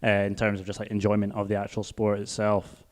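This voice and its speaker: A man from Britain, a podcast guest, answering haltingly with many fillers and adding dry quips. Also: fairly low pitch, monotone. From British. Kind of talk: casual chat.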